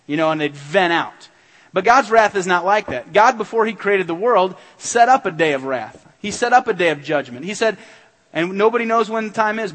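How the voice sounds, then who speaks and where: High-voiced man preaching in a reverberant hall. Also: fairly bright tone. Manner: earnest, urgent preaching with emphatic repetition. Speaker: pastor. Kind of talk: sermon. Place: church sanctuary.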